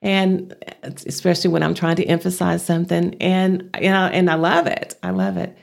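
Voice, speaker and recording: Older Texas woman, low gravelly voice, earnest interview guest. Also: little pitch movement, normal speed. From Amarillo, Texas. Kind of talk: casual interview.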